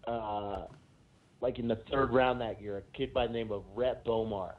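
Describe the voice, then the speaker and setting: A man's voice: fairly low pitch, fairly even intonation, moderate pace. Brief: male co-host, casual rambling storyteller, narrow phone-line sound. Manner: rambling anecdote with many fillers. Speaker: podcast co-host. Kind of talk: casual chat.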